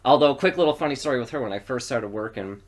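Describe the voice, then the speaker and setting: A man from western New York co-hosting a podcast, telling profane stories in a loose, animated way. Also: medium pitch, fast. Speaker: podcast co-host. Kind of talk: casual storytelling chat.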